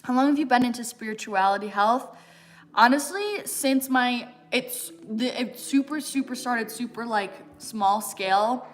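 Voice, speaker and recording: An American woman in her twenties hosts a fitness livestream in an unhurried, somewhat high voice. She chats casually, fields viewer questions, laughs a lot, and uses many fillers and "like."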